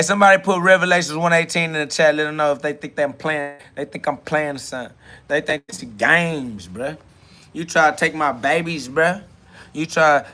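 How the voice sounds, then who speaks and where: Quoting scripture in street slang, a man hosting a podcast delivers a freewheeling spiritual monologue. His delivery veers between loud hype and quiet murmurs.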